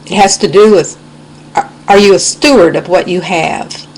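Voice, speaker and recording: An American woman with a lowish voice delivering a heated personal rant into a webcam. She sounds indignant and preachy, weaving in scripture as she goes. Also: moderate pace, darkish tone, slightly rough, poor audio. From United States. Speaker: video blogger. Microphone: webcam microphone.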